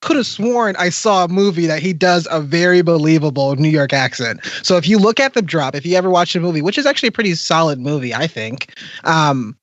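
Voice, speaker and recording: A man's voice: on the high side, expressive, brisk, no echo, muffled recording. A man co-hosting a casual film review podcast, hesitant and searching for his words. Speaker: podcast co-host.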